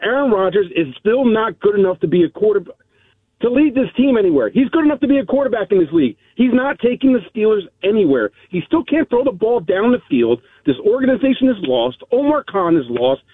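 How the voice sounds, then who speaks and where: A man's voice: high-pitched, sing-song, a little fast, husky, no echo. A man calling in to a sports radio show, ranting in a fed-up way. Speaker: caller. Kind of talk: fan rant on a call-in show. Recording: tinny phone line.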